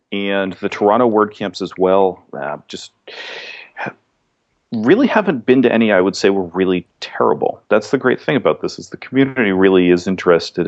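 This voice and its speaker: Low-voiced man, rambling podcast guest. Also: muffled recording. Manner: relaxed, rambling, many restarts. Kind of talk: casual interview chat.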